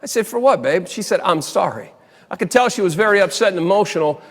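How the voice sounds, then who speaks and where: A man's voice: high-pitched, fast talker. A man giving a motivational keynote, telling a funny story that turns earnest, in a big hall. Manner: animated comic storytelling that turns quiet and earnest. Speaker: motivational speaker. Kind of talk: storytelling keynote speech to a live audience. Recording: long hall reverb from a large venue.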